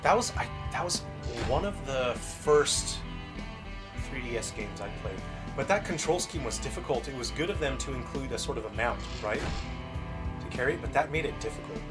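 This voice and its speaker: A man's voice: mid-range voice, expressive, normal speed. A man, a game developer, chatting casually while he plays a game on a livestream and answers viewer questions aloud. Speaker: game developer hosting a launch stream. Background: faint game music.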